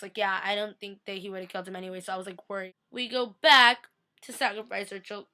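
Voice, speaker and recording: A woman vlogger chatting casually through a TV episode recap, animated and full of fillers. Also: medium pitch, quick pace, clean tone.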